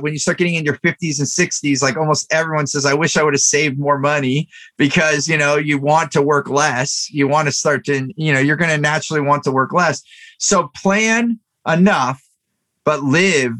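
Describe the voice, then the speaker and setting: A man's voice: fairly high pitch, sharp tone. A middle-aged man hosting a podcast, telling a personal story in an earnest, motivational way with plenty of fillers. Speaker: podcast host. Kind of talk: casual podcast conversation.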